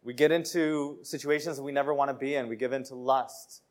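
A man's voice: mid-range voice, steady tone, a little fast. A man preaching a sermon in an earnest, conversational way, repeating phrases and restarting sentences.

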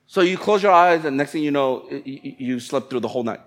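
A man's voice: mid-range voice, animated, fairly quick, few pauses. A man preaching a sermon in a conversational, playful way, acting out people's thoughts as he goes. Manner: conversational, playful preaching with acted-out inner voices. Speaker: pastor.

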